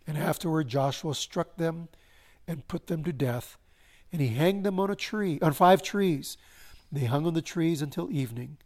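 Preaching man, slightly high voice. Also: a little mellow. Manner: preaching with swelling emphasis and slow solemn pauses. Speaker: pastor. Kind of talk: sermon.

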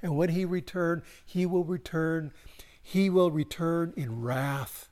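A man preaching a sermon, swelling to emphasis and slowing into solemn pauses. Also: on the high side, a little mellow. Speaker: pastor.

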